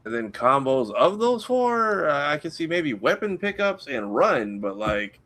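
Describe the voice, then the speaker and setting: A man's voice: fairly high pitch, sing-song, unhurried, fairly bright tone, dry recording. A man co-hosting a casual podcast chat, musing hesitantly with many restarts. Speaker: podcast co-host. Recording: dry close recording.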